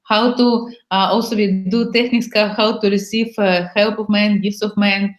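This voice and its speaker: A woman's voice: mid-range voice, fairly even intonation, normal speed. A woman, speaking broken English as a workshop host in a casual chat, frank and playful, acting out little scenes as she goes. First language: Bulgarian. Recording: echoey room.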